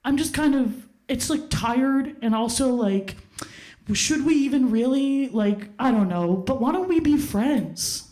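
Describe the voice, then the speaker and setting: A woman quoting a hesitant, evasive teenage boy in her high voice, mumbling and hedging. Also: lively intonation, measured pace, darkish tone.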